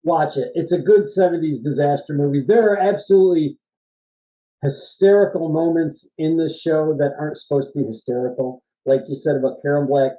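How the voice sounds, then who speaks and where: A man's voice: a little high, fairly quick, mellow, lo-fi sound. A man co-hosting a casual movie review chat, who laughs often and acts out lines from the film. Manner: laughs often, mimics characters in quotes. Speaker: co-host.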